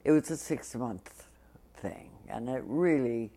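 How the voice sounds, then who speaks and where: A woman's voice: extremely low pitch, lively intonation, slow, mellow. A woman telling a story about herself and acting out the other people's lines. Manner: acts out the other voices in her tale. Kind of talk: anecdotal storytelling.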